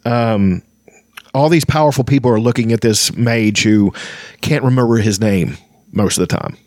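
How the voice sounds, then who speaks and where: Halting man reading and chatting, dry sound. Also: mid-range voice, a little mellow, dry recording. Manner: halting, many ums and restarts. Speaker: podcast host discussing a fantasy novel. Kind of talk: reading aloud and casual commentary.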